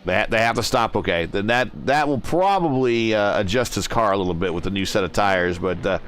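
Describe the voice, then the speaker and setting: A man with a central Indiana accent giving relaxed, chatty play-by-play commentary on a sim race. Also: fairly low pitch, a little fast, a little hiss or hum.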